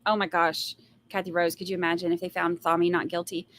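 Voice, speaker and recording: A woman's voice: on the low side, level tone, a little fast, fairly bright tone, slight background noise. A woman hosting a live trial commentary, answering viewer comments and giving blunt, sassy opinions with exasperated rants. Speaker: trial commentary livestream host.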